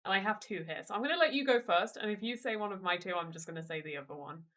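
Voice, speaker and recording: Female host, giggly anecdote-teller, mid-pitched, casual podcast delivery. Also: quick pace, a bit bright. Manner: chatty, giggly storyteller.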